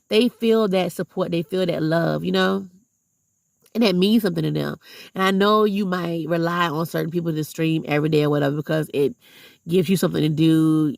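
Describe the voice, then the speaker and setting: Woman vlogger, gravelly fry, dry close sound, blunt and preachy. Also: on the low side, a little mellow, no echo. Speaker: vlogger and substitute teacher. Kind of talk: heartfelt casual vlog monologue.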